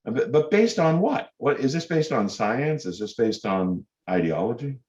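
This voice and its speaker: A man's voice: mid-range voice, sing-song, normal speed, darkish tone. A man giving a public lecture to students, emphatic and full of sarcastic rhetorical questions. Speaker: guest lecturer. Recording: dull lo-fi lecture recording.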